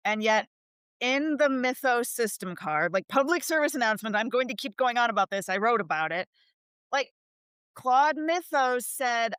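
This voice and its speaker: A woman's voice: medium pitch, normal speed, fairly bright tone, clean tone, no room sound. A woman speaking earnestly in a casual discussion, pushing her point with conviction. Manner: earnest, argumentative. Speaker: panel speaker.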